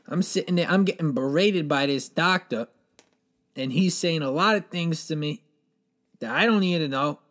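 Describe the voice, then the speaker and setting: A man telling a rambling, absurd comedy story in a deadpan way, with lots of swearing and panicked acted-out quotes. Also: a little high. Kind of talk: absurd improvised comedy monologue.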